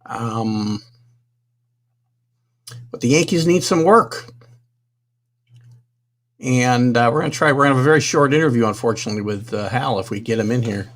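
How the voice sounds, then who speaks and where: A male sports talk show host runs a live stream while battling technical trouble, flustered and apologetic, muttering to himself. His mid-range voice moves at a moderate pace with long pauses.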